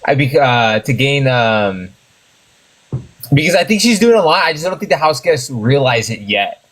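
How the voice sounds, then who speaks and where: A man joining a casual phone live stream as a guest, halting and searching for words. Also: mid-range voice, very animated, fairly bright tone. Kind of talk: casual chat. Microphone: phone livestream.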